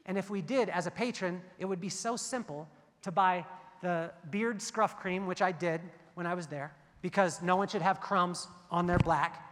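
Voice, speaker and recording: High, bright-voiced male keynote speaker. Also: long reverb tail. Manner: animated storytelling, acting out dialogue. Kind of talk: motivational keynote speech. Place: large event hall.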